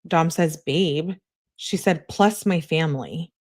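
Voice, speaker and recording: A woman, a true crime commentator, reading both sides of a text exchange aloud in a flat recounting tone. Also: deep voice, slow.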